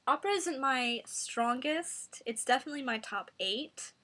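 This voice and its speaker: A woman giving a mock singing tutorial in a deadpan, rambling, self-serious way. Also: high-pitched, moderate pace.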